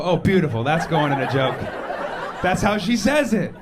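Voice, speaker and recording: Male stand-up comic with a lively voice, loud room noise behind the stage mic, playful and animated delivery. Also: on the high side, moderate pace, crowd noise. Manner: animated, switches into mock voices for family and shoppers. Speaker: stand-up comedian. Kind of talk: stand-up comedy set. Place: comedy club stage before a laughing audience.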